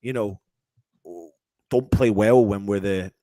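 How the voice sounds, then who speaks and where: A man hosting a live fan chat, excitable and stumbling over his words, swearing freely. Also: on the low side, takes it slowly, no echo, studio quality. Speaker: fan channel host.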